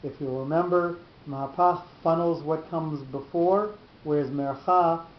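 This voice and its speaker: A man teaching a Torah class in a deliberate, halting explanatory lecture, often restarting his phrases. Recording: roomy, dull lo-fi recording with faint rumble.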